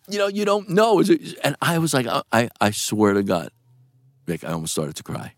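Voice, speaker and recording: A man in his sixties from New with a gravelly voice, animatedly telling stories in a casual interview. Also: normal speed, no echo, clean studio sound. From New York. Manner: animated, swings pitch for quoted voices. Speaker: actor guest.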